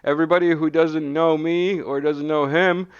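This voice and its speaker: A man's voice: on the high side, steady tone, normal speed, clean tone, dull audio. Jokey man hosting a casual chat. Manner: jokey, laughs easily. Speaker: podcast host.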